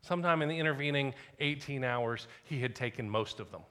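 A middle-aged man preaches from the pulpit with a bright, forward voice. He speaks like he is telling friends a story, at a medium pitch. Now and then he drops into quiet asides. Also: fairly quick. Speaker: pastor. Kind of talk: sermon.

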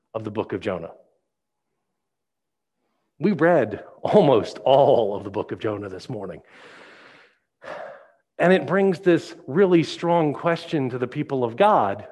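A male pastor preaching a sermon, retelling a Bible story in a lively storytelling way. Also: mid-range voice, a little slow, pauses often. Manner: animated storytelling.

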